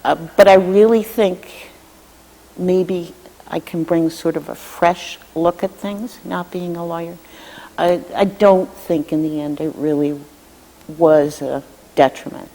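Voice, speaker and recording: A woman legislator and committee chair giving measured, thoughtful answers in a televised interview, often pausing with fillers. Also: lowish voice, fairly even intonation, warm tone. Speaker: state representative and committee chair. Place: state house studio. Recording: reverberant room with long echo.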